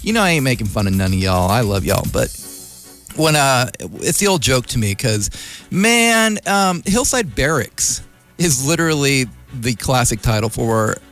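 A man's voice: medium pitch, expressive, moderate pace, fairly bright tone, faint music behind. A man hosting community radio in a casual, rambling, joking monologue, from the North Bay of California. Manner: rambling, joking, mocking voices of others.

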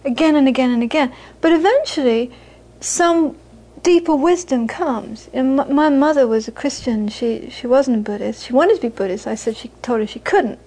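A woman's voice: high-pitched, moderate pace, few pauses, dark tone, low-quality recording. A woman giving a live Buddhist talk to an audience, earnest and repeating phrases for emphasis. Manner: earnest, repeats phrases for emphasis, laughs while telling stories. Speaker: Buddhist teacher.

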